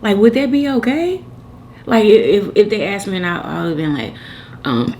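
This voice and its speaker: A woman's voice: mid-range voice, animated, moderate pace, a little mellow, slight background noise. A woman hosting a mukbang, chatting and commenting while eating, talking straight to her viewers with lots of "y'all". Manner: talks straight to viewers, says "y'all" a lot, laughs. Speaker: mukbang host.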